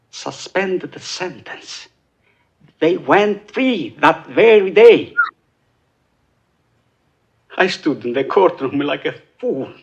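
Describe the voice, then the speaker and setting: An actor with an Italian accent playing a grieving immigrant father seeking justice, speaking in a measured, solemn way, from a film soundtrack. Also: fairly low pitch, fairly bright tone, husky, full character voice. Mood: bitter. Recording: film soundtrack played in a podcast.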